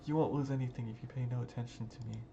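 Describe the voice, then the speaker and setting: A man's voice: mid-range voice, fairly even intonation, fast, vocal fry, dark tone, muffled recording, slight background noise, lightly acted. A man voicing a cold, bitter teenage girl who talks in curt, cutting lines. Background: background game music.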